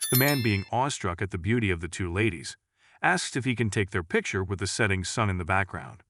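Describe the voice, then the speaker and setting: A man reading jokes aloud in a lively, storytelling way. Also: low-pitched, a little fast, background noise. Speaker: joke narrator. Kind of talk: scripted joke reading.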